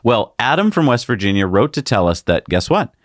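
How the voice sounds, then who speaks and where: A man co-hosting a casual news chat, sarcastic and animated. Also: mid-range voice, brisk, no room sound, clean studio sound. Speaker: co-host.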